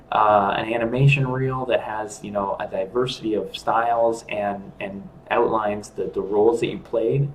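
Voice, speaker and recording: Rambling middle-aged man, lowish voice. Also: slight background noise. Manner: rambling, halting, with many restarts. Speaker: studio founder hosting a livestream chat. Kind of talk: casual livestream talk.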